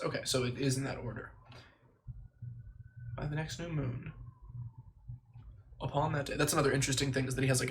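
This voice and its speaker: A man streaming live, thinking aloud and reciting memorized lines in quick bursts, stopping to correct himself. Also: mid-range voice, slight background noise. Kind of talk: casual livestream chat, reciting lines from memory.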